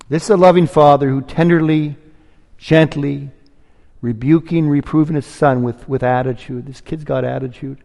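A man's voice: a little high, steady tone, moderate pace, creaky, a little mellow. Earnest male preacher in a reverberant church. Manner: earnest, rising to emphatic pleading. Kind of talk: sermon.

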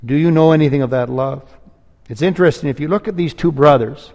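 A man's voice: a little high, quick pace, darkish tone, big-room sound. A man preaching a sermon, earnest and pleading, rising to emphatic peaks.

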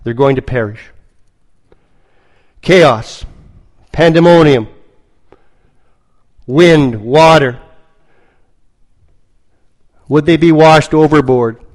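A man preaching a sermon, telling a story slowly and dramatically, with lots of repetition. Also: fairly high pitch, a little mellow, low-quality recording.

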